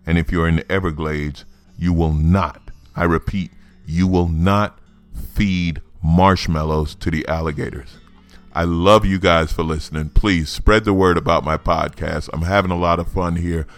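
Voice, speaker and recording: A man's voice: low voice, fairly even intonation, moderate pace, dry recording, soft background music. A man hosting a comedy news podcast, delivering sarcastic, mocking commentary and laughing at his own jokes. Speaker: podcast host.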